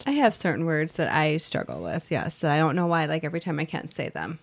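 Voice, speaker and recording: A woman's voice: low voice, very animated, brisk, slightly rough. Chatty middle-aged woman co-host. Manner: chatty, rambling with many restarts. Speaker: podcast co-host. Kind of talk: casual chat.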